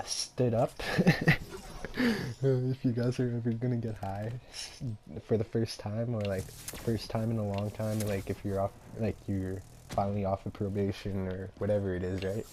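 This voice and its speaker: A man's voice: on the low side, noisy background. A young man telling a story in a casual, rambling way, full of fillers and laughs.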